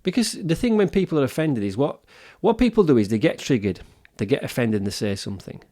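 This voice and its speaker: A man's voice: mid-range voice, big pitch swings, fast, warm tone. A man, co-hosting a wellbeing podcast, talking earnestly with lots of restarts. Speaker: podcast co-host. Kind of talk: casual podcast discussion.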